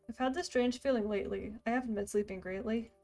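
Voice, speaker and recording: A woman's voice: a little high, fast, a little mellow, soft background music, natural voice. A woman reading a friendly young farmhand. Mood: easygoing. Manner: reading rhymed lines aloud in her own voice. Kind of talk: reading a video game's dialogue aloud.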